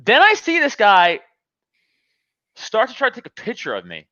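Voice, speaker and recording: A man's voice: very high-pitched, moderate pace, no echo, dull audio. A man telling a story in casual talk, laughing often and acting out the people in it, with plenty of swearing. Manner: animated, laughs often, acts out both sides of the argument. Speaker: podcast host telling a story.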